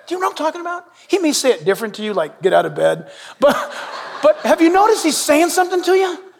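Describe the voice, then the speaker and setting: Middle-aged man, pastor; lively sermon delivery with quiet asides; high voice, big reverberant sanctuary. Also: quick pace, gravelly. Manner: animated, humorous, shifts between loud and hushed. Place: church sanctuary. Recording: long reverb in a large hall.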